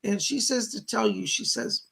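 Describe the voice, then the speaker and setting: Gravelly-voiced man hosting psychic readings. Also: sits high, moderate pace, fairly bright tone. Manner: relays spirit messages and thanks viewers for donations. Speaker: psychic medium host. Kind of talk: live-streamed psychic readings.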